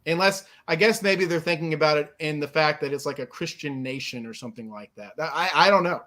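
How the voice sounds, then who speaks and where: A man's voice: on the high side, fairly quick, bright, forceful tone. A man who serves as a state representative, speaking in a hesitant way with frequent restarts on a video call. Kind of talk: casual political discussion.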